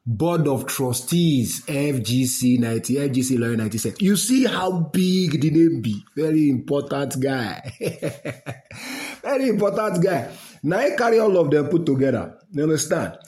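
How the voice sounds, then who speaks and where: A man's voice: on the high side, moderate pace. A middle-aged man with a Nigerian accent in a casual, mocking rant, laughing as he talks to his listeners. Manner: mocking, animated, laughs while talking. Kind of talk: casual rant in pidgin and English.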